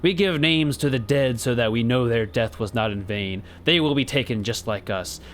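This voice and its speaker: A man's voice: mid-range voice, moderate pace, slight background noise, lightly acted. A man voicing a solemn male cult leader, preaching about death in a grave, archaic way, with faint game music behind. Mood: exalted. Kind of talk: reading game dialogue aloud.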